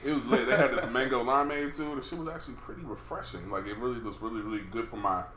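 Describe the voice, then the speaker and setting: A young man co-hosting a casual chat, animated and profane, getting loud when he retells what people said. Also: medium pitch, fast talker, slight background noise. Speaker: podcast co-host. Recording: roomy room with faint ambience.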